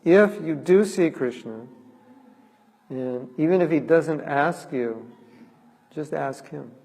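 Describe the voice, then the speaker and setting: A man's voice: fairly high pitch, slow pace, vocal fry, a little mellow, long reverb tail, poor audio. A man giving a devotional talk and retelling a sacred story, acting out the quoted lines. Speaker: lecturer. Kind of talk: devotional lecture.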